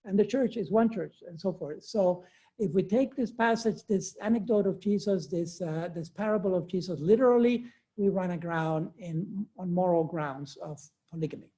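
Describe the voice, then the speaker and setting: Sixty-year-old male lecturer, mellow voice. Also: sits high, normal speed. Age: 60s. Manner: conversational, chuckles often, many fillers and restarts. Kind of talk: university lecture. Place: cold classroom. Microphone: lecture recording with remote attendees.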